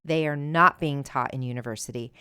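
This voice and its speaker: A middle-aged woman hosting a solo advice podcast, talking emphatically and conversationally, sometimes animated. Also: rumbling low, brisk, smooth, dry recording, studio quality. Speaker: podcast host. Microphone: earbuds with mic.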